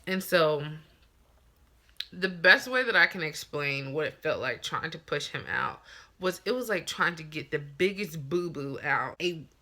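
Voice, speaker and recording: A young woman vlogger casually telling a personal story to the camera, chatty and animated, acting out what people said. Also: deep voice, unhurried.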